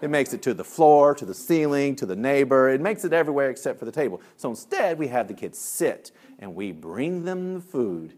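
Animated man telling classroom stories. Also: a little high, fairly quick, hardly any pauses. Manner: lively storyteller who acts out voices; laughs at his own jokes. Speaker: parenting and discipline trainer. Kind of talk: animated workshop talk with stories.

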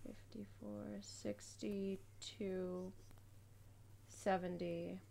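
A woman with a gravelly voice, speaking very slowly at a tabletop game while counting dice totals aloud. Her voice is dry and close, with faint ambience behind it. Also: mid-range voice, little pitch movement, warm tone, a little hiss or hum. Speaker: player. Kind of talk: casual chat at a game table.

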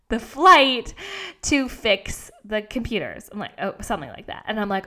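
A woman's voice: medium pitch, animated, normal speed, a bit bright. A young woman hosting a podcast, telling a story casually and animatedly, acting out her own lines and swearing freely. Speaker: podcast host.

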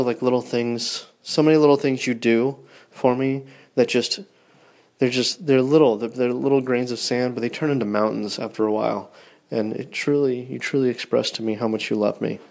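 A man's voice: medium pitch, darkish tone. A tired man in his thirties, rambling tenderly and yawning as he records a personal podcast for his wife. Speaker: podcast host.

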